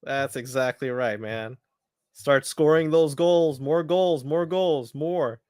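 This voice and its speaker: Excitable man hosting a match watchalong. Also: on the high side, takes it slowly, clear, resonant tone, no room sound, clean studio sound. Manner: excitable, chatty, repeats phrases. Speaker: watchalong host. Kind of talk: live match commentary watchalong.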